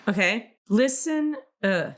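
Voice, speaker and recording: A middle-aged woman co-hosting a spiritual podcast, reading card messages aloud in a calm, soothing cadence. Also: a little high, slow pace. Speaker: podcast co-host reading intuitive cards.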